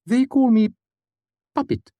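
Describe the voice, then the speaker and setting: A man's voice: very high voice, lively intonation, slow pace, dark tone, no echo, voice pushed up, full character voice. A man voicing an odd, childlike archive dweller who talks in a distracted, theatrical way. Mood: distracted, whimsical.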